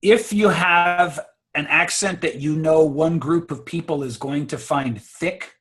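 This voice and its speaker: Male speaking coach, emphatic, slightly higher voice, on a call. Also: measured pace, a bit bright. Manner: confident, emphatic, repeats words. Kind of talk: casual advice on a video call.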